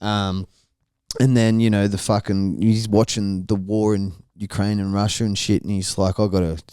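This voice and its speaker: A man's voice: lowish voice, little pitch movement, normal speed, mellow, clear, resonant tone, no room sound, studio quality. A young man co-hosting a podcast, telling a story in casual, crude, profane banter and often laughing. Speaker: podcast co-host.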